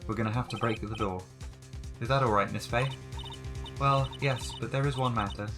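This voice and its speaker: A man's voice: medium pitch, normal speed, close to an everyday voice. A man reading a young defense lawyer who stumbles over his words, hesitant and a bit awkward. His own plain voice carries the lines, with game music behind. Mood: determined. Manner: hesitant, stammering.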